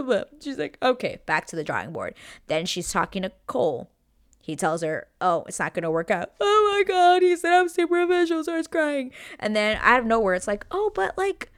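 A young woman gossips through a recap of a reality dating show, her speech full of fillers and casual swearing. Her voice sits slightly low but swings widely in pitch, and she slips into squeaky mock voices when she quotes people. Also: a bit bright.

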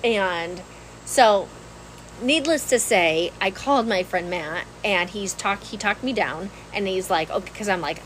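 Brief: woman co-host, New lilt, rambling animated storyteller, faint hiss behind. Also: mid-range voice, measured pace, poor audio. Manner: animated, laughs often, rambling with restarts. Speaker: podcast co-host. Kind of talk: casual storytelling chat.

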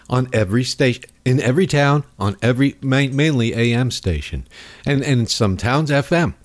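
A man hosting a talk radio show, talking in a rambling, sarcastic way with mocking asides. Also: mid-range voice. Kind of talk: casual political talk radio monologue. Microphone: studio microphone.

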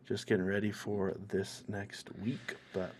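A man's voice: on the low side, little pitch movement, unhurried, breathy edge. A man co-hosting a casual podcast, talking in a laid-back, earnest way into a fur-covered microphone from home. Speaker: podcast co-host. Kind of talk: casual chat.

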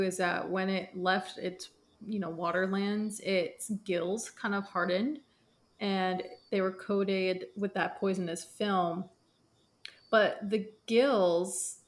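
A woman co-hosting a podcast, chatting gently and fondly. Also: mid-range voice. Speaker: podcast co-host. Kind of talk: casual chat.

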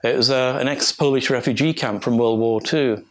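An older man from England delivers an illustrated talk, his voice sitting at an ordinary middle pitch. He rambles from one anecdote to the next, restarting sentences and chuckling as he goes. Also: fairly even intonation, moderate pace. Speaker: archaeologist giving a talk.

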